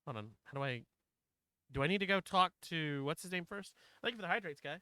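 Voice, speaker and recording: A man's voice: on the high side, lively intonation, quick pace, sharp tone, clean tone, no echo, studio quality. A man casually commenting while playing a game, rambling and self-deprecating, swearing at his mistakes. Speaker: streamer.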